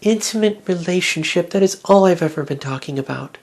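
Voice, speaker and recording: A woman's voice: lowish voice, a little fast, darkish tone. A woman giving a devotional Bible talk in an earnest, reflective way, asking her listeners one question after another. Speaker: Bible teacher.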